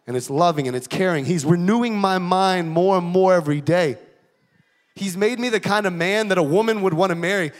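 A man giving a lively, joking church testimony as guest speaker. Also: sits high, big-room sound. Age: 30s. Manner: energetic, jokey, casual preacher talk. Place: church auditorium.

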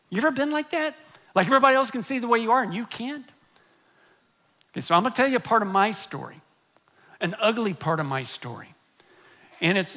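Middle-aged pastor, high tenor voice, animated sermon storyteller who drops to a hush for effect. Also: male voice. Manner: animated storytelling, swinging between loud and hushed.

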